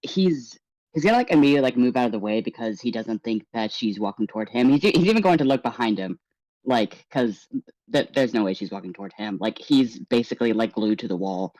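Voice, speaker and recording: A man playing a tabletop game, describing his shy character in a hesitant, halting way. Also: mid-range voice, expressive, a little mellow, no room sound, low-quality recording. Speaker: player.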